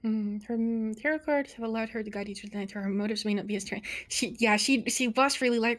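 A woman's voice: on the high side, a little fast, hardly any pauses. A young woman streamer chatting playfully with friends while playing a game, giggling and reading text aloud.

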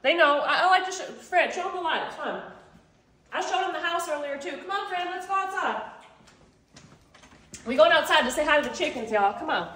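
Bubbly woman host for a home cooking vlog, high voice, chatty, talks right to the viewers. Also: expressive, brisk, long pauses, a bit bright, roomy sound. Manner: chatty, bubbly, constantly addresses viewers as y'all. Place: home kitchen, then a sunny backyard chicken coop.

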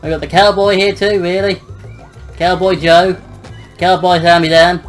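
Brief: young gamer, joky running commentary, slightly high voice. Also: male voice, little pitch movement, normal speed, faint music behind, poor audio. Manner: joking, muttering and swearing at the game. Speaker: gameplay commentator. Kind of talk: casual let's-play commentary.

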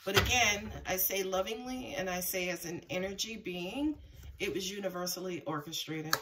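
A woman's voice: medium pitch, normal speed, background noise. Woman doing a tarot reading, casual and sweary, laughs a lot, mic kinda far off. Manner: casual and profane, laughs often, talks straight to viewers. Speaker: tarot reader. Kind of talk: live tarot reading to camera.

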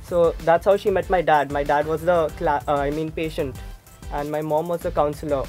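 A man's voice: a little high, steady tone, normal speed, a little mellow, soft background music. A man from India chatting as a guest on a makeup video, explaining things in an easygoing way. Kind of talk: casual chat.

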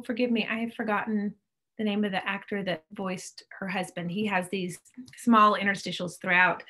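Woman, middle-aged, casual video-call chat, animated, clears throat, mid pitch. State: allergies. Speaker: author guest.

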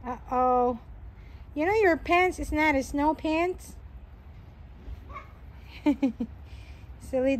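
A woman's voice: sits high, very slow, pauses often. A young adult woman and mother, chatting casually and cooing in baby talk to her children while filming a family home video on a phone.

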